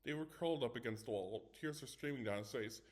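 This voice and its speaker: A man's voice: mid-range voice, a little fast. A man reading a scary story aloud in first person, dramatic, with small stumbles. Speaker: story reader.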